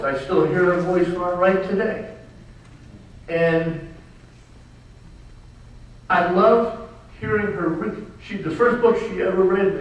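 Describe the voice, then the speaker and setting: A man, an author at a book launch, telling wry and animated family stories to a live audience in a large hall. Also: high-pitched. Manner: wry, animated, drops into dry asides. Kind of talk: humorous storytelling to a live audience. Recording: echoey hall, distant mic, faint noise.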